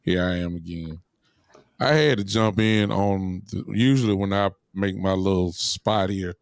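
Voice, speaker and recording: A man who regularly drops in on a podcast, talking with a showman's flair and addressing ladies and gentlemen. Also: fairly low pitch, no echo, clean studio sound. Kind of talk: casual chat.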